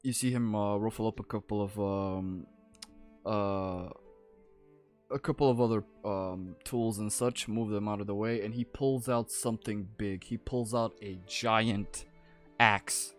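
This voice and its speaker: Slow-talking male game master. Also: lowish voice, steady tone, soft background music. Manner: unhurried, laughs often. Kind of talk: narrating a tabletop game.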